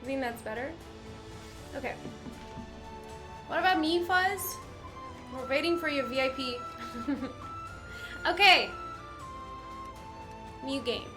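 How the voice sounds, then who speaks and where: A woman's voice: high voice, measured pace, long pauses. A woman streaming a game live, chatting, reacting, and reading the on-screen text aloud. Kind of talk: live gameplay commentary. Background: game music and sound.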